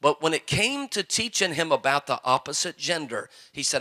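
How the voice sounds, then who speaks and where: Bright-voiced joking preacher man. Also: a little high, sing-song, moderate pace. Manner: folksy, joking storyteller preaching to young people. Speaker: pastor. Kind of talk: sermon.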